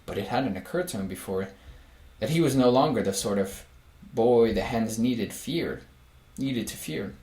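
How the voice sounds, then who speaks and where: A man reads a children's storybook aloud at an easy, measured pace, with a voice pitched in the middle range. The room around him is echoey. He livens up the reading with voices for the animals. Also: dark tone.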